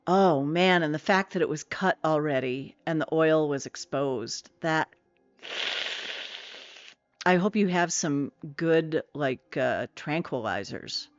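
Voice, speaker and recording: A woman's voice: low-pitched, no echo, dull audio. A middle-aged woman streaming a game, chatting casually with viewers in a rambling way full of fillers and self-corrections.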